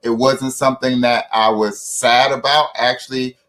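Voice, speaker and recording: A man's voice: medium pitch, steady tone, normal speed, fairly bright tone. Ghanaian man telling stories on a call. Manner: tag questions, laughs while telling. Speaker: panel guest. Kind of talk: storytelling in an online panel talk. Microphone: video call.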